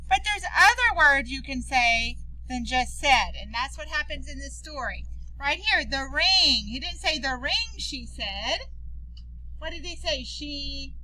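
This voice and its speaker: A woman's voice: high voice, sharp tone, low-quality recording. A woman teacher reading a storybook aloud in a classroom, stopping to explain words and quiz her students. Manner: explaining, asks students questions.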